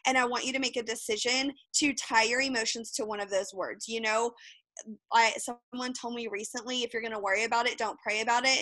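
A woman's voice: on the high side, pushed and bright, dry recording. A woman, giving a fired-up, candid motivational talk as a guest on a video call, swearing freely. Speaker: guest speaker.

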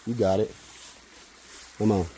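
A man vlogging outdoors at a beach spot while walking his dog, calling to it in high, loud bursts and dropping to low asides. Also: little pitch movement, measured pace, slight background noise. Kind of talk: casual vlog chatter.

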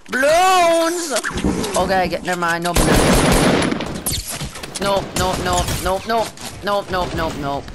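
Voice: medium pitch, fairly even intonation, slow pace, pauses often. A gameplay video creator giving casual, rambling commentary and often trailing off unsure. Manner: rambling, unsure self-talk. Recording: loud background game noise.

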